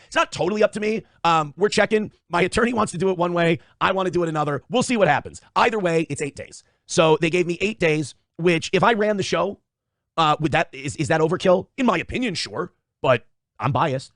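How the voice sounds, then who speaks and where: A man's voice: a little high, expressive, quick pace, fairly bright tone, no room sound, studio quality. A man in a casual livestream monologue, blunt and profane, often circling back to the same points. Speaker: streamer.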